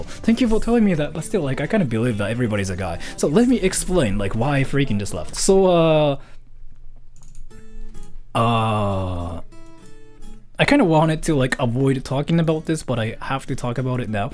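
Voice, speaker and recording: A man's voice: mid-range voice, normal speed, faint music behind. A man streaming live, chatting casually with viewers and reading donations in a rambling way with lots of fillers. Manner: animated, rambling with many fillers. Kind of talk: casual livestream chat.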